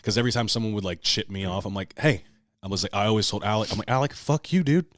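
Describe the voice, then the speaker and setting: Deep-voiced man telling a story, swearing. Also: rapid-fire, no room sound, studio quality. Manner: animated storyteller, swears a lot, shouts out quoted lines. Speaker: podcast host. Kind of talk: casual chat.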